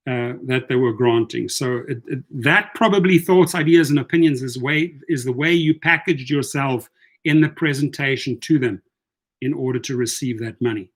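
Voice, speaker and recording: Chatty man answering a live chat. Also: mid-range voice. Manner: chatty, reads viewer comments aloud, repeats words. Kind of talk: casual livestream advice.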